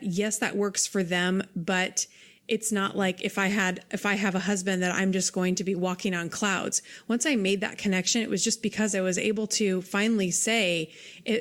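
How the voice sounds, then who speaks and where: Earnest woman host chatting. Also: medium pitch. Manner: earnest and heartfelt, with frequent restarts. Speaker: podcast host. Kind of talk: casual interview chat.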